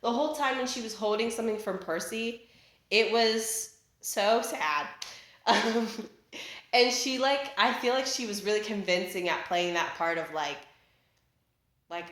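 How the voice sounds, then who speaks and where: A woman's voice: mid-range voice, a little slow, a bit bright. A young woman talking casually in a chatty, rambling way, full of fillers and restarts, recorded in her living room. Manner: chatty, filler-heavy, self-interrupting. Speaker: vlogger. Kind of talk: casual rant. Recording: echoey home room.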